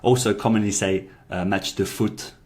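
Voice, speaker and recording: A man's voice: lowish voice, steady tone, normal speed, darkish tone. A man giving casual review commentary as a language-learning YouTuber, chatty, repeating lines aloud with many fillers.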